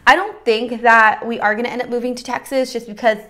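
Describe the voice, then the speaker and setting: A woman's voice: fairly high pitch, steady tone, brisk, sharp tone. A young woman beauty vlogger chatting casually while doing her makeup, talking informally with lots of fillers and slang.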